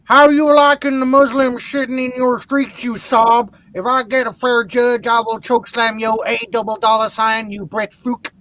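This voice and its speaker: A man putting on a mocking accent to voice a ranting male online troll, pitched high and strained. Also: flat delivery, moderate pace, few pauses, fairly bright tone, muffled recording.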